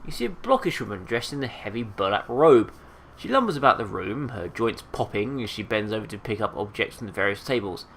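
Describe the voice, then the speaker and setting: A let's play host reads a fantasy game's text out loud and adds casual asides, his nose stuffed up. His voice is gravelly and sharp. A faint hiss sits under him. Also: on the low side, very animated, brisk, few pauses. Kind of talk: game narration and commentary.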